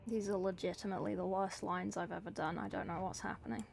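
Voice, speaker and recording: A woman's voice: on the low side, steady tone, fast talker, creaky. A young woman painting miniatures on a livestream, chatting casually and answering viewer chat as she works. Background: faint background music.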